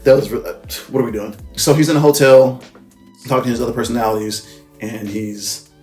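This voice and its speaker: This male movie reviewer has a medium-pitched, darkish voice with fairly even intonation and a moderate pace. He gives a loose, profane, rambling plot recap, often correcting himself, with faint music in the background.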